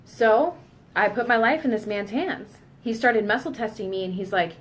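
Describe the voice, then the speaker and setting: A woman's voice: a little high, normal speed. A woman in her thirties talking candidly in a casual personal vlog, emphatic and blunt, now and then swearing. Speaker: vlogger.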